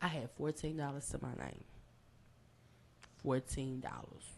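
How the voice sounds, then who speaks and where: A woman, guest on a podcast, telling a long story in an excitable, animated way. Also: a little slow. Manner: animated, excitable storytelling with big pitch jumps and profanity. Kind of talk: storytelling in casual chat.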